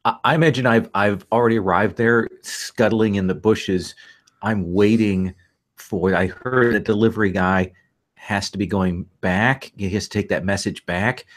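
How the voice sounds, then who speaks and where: A man with a low voice who plays a tabletop role-playing game. He describes his character's actions in a measured, deliberate way. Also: steady tone. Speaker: player.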